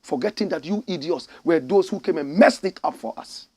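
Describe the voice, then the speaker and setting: Ghanaian-accented male host, impassioned preachy rant, gravelly husky voice. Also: lively intonation, fairly quick. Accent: Ghanaian English. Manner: fiery, indignant, preachy, swings from shouting to low intensity. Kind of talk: impassioned commentary.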